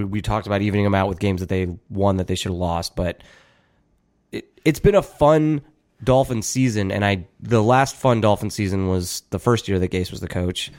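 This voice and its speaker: A man's voice: lowish voice, darkish tone. A drunk man co-hosting a podcast, rambling in casual sports chat with lots of fillers. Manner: rambling, hedges with lots of likes and I means. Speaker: podcast co-host.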